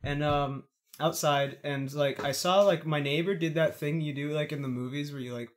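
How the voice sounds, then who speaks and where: A young man co-hosting a casual podcast chat, telling stories with loud bursts and laughter. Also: fairly high pitch, fairly even intonation, moderate pace, a little hiss or hum. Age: young adult. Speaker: podcast co-host.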